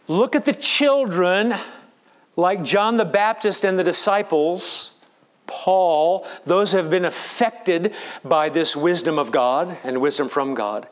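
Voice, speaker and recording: Emphatic preaching man, fairly high voice. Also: takes it slowly. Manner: emphatic preaching, rising and dropping in volume. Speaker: pastor. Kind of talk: sermon.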